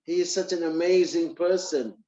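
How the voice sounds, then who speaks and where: A humble cobbler speaks with simple, devout delight, as a man plays him in a sermon story. The voice is slightly high, and the room makes it echoey and a bit dull. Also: normal speed, dark tone, natural voice. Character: humble, joyful male cobbler. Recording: roomy, slightly dull recording.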